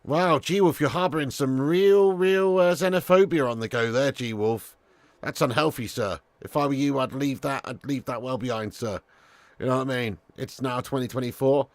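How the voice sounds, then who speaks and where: A man's voice: medium pitch, normal speed, hardly any pauses, dry recording. A man hosting a live football watch-along, casual and chatty, swearing freely and calling viewers lad as he reads the chat. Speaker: streamer and watch-along host.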